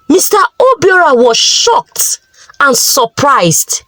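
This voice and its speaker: A woman narrating a folktale in a slow, expressive way. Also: high voice, no room sound, low-quality recording. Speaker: storyteller.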